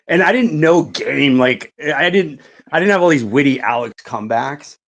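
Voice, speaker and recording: A man's voice: mid-range voice, expressive, moderate pace. A middle-aged man telling a story in casual podcast chat, swearing a lot and saying "like" and "right" often.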